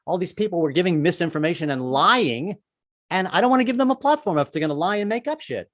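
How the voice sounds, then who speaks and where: Rambling stand-up man, higher voice. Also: lively intonation, fast talker, fairly bright tone, dry recording, studio quality. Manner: rambling, self-deprecating, slips into character voices. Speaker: stand-up comedian. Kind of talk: stand-up set on a video call.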